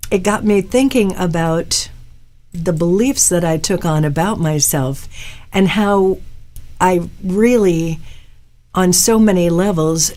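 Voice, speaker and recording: A woman's voice: fairly low pitch, dark tone. A middle-aged woman from Florida hosting a live talk stream, chatting casually and wandering into asides. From Tampa, Florida. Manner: chatty, rambling with asides and tangents. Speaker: talk show host and hypnotherapist.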